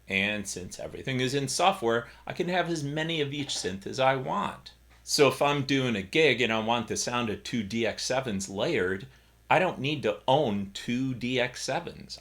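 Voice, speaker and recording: A man's voice: medium pitch, lively intonation, moderate pace, a bit bright. A middle-aged man casually explaining music gear in a vlog from a small home studio, with wry, self-deprecating humor. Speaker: keyboard YouTuber.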